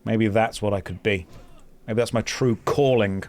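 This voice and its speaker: A man's voice: lowish voice, fairly even intonation, normal speed, a little mellow. A man streaming a game, reading quest text aloud and chatting with viewers in a sarcastic, joking way. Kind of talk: casual live-stream chat while gaming.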